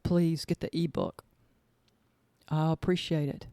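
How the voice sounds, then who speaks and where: A woman's voice: low-pitched, steady tone, unhurried, creaky, dark tone, no room sound. A woman hosting her own podcast as an author, chatting casually in a gushing, rambling way and repeating words for emphasis. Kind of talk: casual chat.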